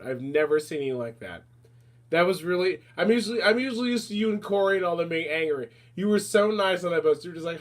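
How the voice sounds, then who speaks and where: A man hosting a casual talk show, animated and rambling, calling listeners darling and honey. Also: high voice, quick pace. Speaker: podcast host. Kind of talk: casual chat.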